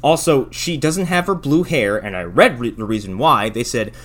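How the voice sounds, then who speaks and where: A man's voice: mid-range voice, animated, moderate pace, few pauses, fairly bright tone. A man co-hosting a casual movie review podcast, adding sardonic, dry remarks. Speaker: podcast co-host.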